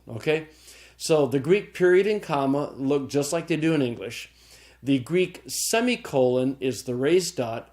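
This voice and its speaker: In a recorded lesson, a man who teaches Greek goes over key points patiently and repeatedly, often asking the listener "okay?". His voice is on the high side, with a darkish tone.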